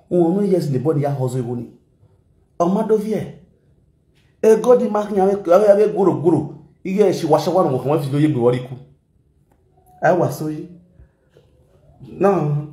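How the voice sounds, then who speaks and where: A man's voice: a little high, animated, normal speed, long pauses, dark tone, roomy sound. A man with a Nigerian accent giving casual, mocking commentary in a rant. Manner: mocking, mixes pidgin and local languages. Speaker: online commentator.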